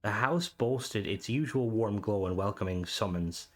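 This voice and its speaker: A man doing a put-on accent to read aloud a story told by a grown man recalling a dreamlike boyhood. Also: lowish voice. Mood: wistful. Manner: put-on storytelling accent, slow dramatic reading. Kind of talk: dramatic reading of a story.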